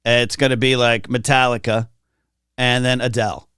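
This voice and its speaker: A man chatting his way through a morning livestream from home, rambling easily and reading viewer comments aloud. His voice sits at an ordinary middle pitch. The recording is dry and close, with almost no room sound. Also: little pitch movement, moderate pace, a bit bright, clear, resonant tone, no echo. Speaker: livestream host. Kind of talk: casual livestream chat. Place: home, in California.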